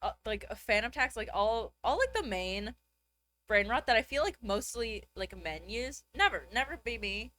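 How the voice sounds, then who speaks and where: A woman with a bright, sharp voice chats casually. Her pitch swings widely, and she rambles with constant filler words. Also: sing-song, moderate pace, a little hiss or hum. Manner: chatty, filler-heavy rambling with lots of "like". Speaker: co-host. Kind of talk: casual chat.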